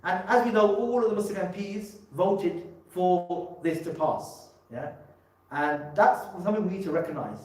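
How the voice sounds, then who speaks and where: Male speaker, emphatic public talk, higher voice, distant mic, heavy hall echo. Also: moderate pace, darkish tone. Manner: emphatic, with many repeated words and restarts. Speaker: religious scholar giving a talk. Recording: echoey hall, mic from far off.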